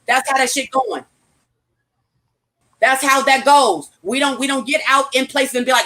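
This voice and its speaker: A woman's voice: high-pitched, moderate pace, fairly bright tone. A woman from California giving a casual motivational talk, blunt and profane, repeating her key phrases like a preacher.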